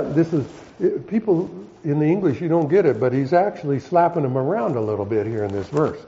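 A man's voice: a little high, animated, dark tone, lo-fi sound. A man, a pastor teaching a Bible lesson to his congregation, explaining words one at a time and often stopping to correct himself. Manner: halting, self-correcting, explaining word by word.

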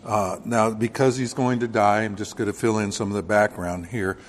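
A man teaching a verse-by-verse Bible sermon, reading scripture slowly and loudly and adding emphatic, dismissive asides. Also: lowish voice, steady tone. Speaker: preacher. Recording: long hall reverb.

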